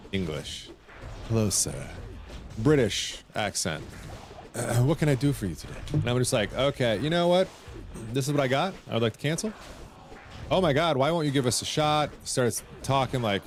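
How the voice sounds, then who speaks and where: A man streaming casually, telling a long story and acting out both sides of his phone calls. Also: fairly low pitch. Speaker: Twitch streamer.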